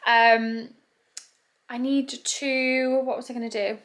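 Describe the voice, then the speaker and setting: A woman's voice: a little high, level tone, takes it slowly, fairly bright tone. A young woman from England chatting casually in her vlog, rambling and talking to her dogs now and then. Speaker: vlogger.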